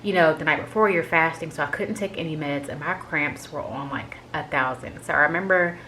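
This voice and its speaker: A woman with a notably deep voice for her sex, talking straight to camera as she tells a personal story. She rambles casually, leaning on "like" as filler, and sounds open and candid. A faint hiss of noise sits under her voice. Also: fairly quick, sharp tone, rough recording. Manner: chatty, filler-heavy with frequent "like"; candid and emotional recounting. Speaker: vlogger sharing a health update.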